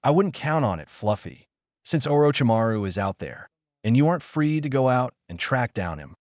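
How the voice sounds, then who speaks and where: A hot-headed young ninja boy snaps and shouts in a high voice, as a man narrating the story puts him on. The recording is close and dry, with a lively pitch. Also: moderate pace, no room sound, close to an everyday voice. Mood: upset. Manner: shouting, upset.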